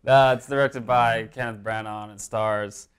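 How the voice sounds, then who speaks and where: Rambling low-voiced male co-host. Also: fairly even intonation, measured pace, clear, resonant tone. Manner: rambling, self-correcting, enthusiastic. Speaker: podcast co-host. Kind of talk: casual review chat.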